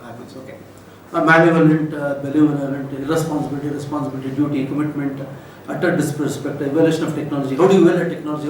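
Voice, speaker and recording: A man's voice: fairly high pitch, steady tone, very fast, few pauses, darkish tone. A man in his seventies with an Indian English accent, giving a rambling, emotional lecture full of fillers. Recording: roomy echo, voice from a distance, faint noise.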